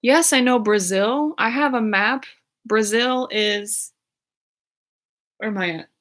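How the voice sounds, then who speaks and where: This is a woman's voice, fairly high and a bit bright, moving at a slow pace. She's a YouTuber in her twenties, answering her livestream chat from home in a loose, rambling way full of fillers and giggles.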